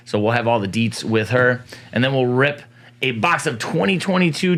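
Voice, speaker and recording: With a mid-range, fairly bright voice, this co-host trades casual morning-show banter, cheerfully joking with and teasing his partner.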